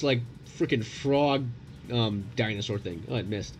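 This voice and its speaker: A young man commentating his own gameplay, excitable and profane, yelling at the game in bursts. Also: medium pitch, unhurried. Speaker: gaming YouTuber. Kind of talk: let's play commentary. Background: game music.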